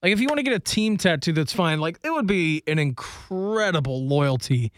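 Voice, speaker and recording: A man in his thirties co-hosting a podcast, trading dry, deadpan jokes in casual sports chat. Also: a little high, normal speed, no room sound. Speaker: podcast co-host.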